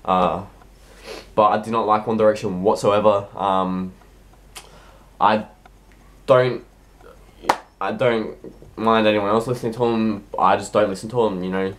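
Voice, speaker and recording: Casting: teen boy, lowish voice, sick, halting vlog answers full of ums. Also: steady tone, a little hiss or hum. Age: teens. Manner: rambling, hesitant, heavy with ums and restarts. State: sick, coughing. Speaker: YouTuber answering viewer questions. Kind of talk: casual Q&A vlog.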